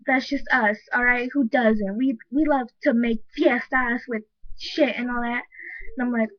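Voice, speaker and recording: A woman's voice: a little high, fairly even intonation, unhurried, dry recording. A woman from the United States ranting emphatically to camera in a casual vlog, filling her talk with "like" as she argues her point. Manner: says "like" constantly, heated and emphatic. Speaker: vlogger. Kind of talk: casual opinion rant to camera. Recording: dull lo-fi webcam audio, dry.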